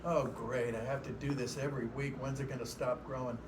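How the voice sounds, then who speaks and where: A man voicing a grumbling male cartoon Tasmanian devil with a low, gruff mutter. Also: level tone, brisk, roomy sound, close to an everyday voice. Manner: muttering, grudging complaint. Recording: crowd noise at a live convention.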